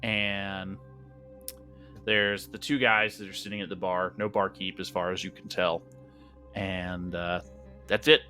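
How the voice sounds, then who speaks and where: Bright-voiced man as game master. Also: deep voice, flat delivery, a little slow, long pauses, soft background music. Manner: casual and joking, with many fillers. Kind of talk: narrating a tabletop game.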